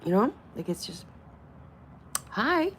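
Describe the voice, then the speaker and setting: A woman's voice: lowish voice, very animated, normal speed, gravelly, darkish tone, a little hiss or hum. A woman hosting a casual livestream, chatty, swearing freely, cooing over small objects and sometimes dropping into a whisper. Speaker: livestream host.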